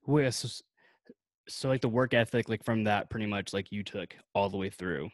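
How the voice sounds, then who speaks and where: A man's voice: on the low side, normal speed, no echo. A man chatting casually in a laid-back, rambling way, full of fillers. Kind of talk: casual chat.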